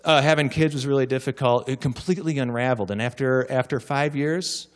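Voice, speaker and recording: A man giving a humorous keynote, telling stories with animated comic timing and acted voices before a live audience. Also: mid-range voice, a little fast. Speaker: keynote speaker.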